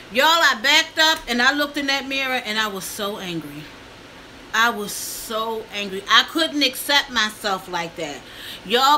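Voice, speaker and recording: High-pitched tearful woman in her fifties. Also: bright, forceful tone, a little hiss or hum, rough recording. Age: 50s. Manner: addresses viewers as y'all, breaks down crying. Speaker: mukbang vlogger. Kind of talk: emotional storytelling to viewers.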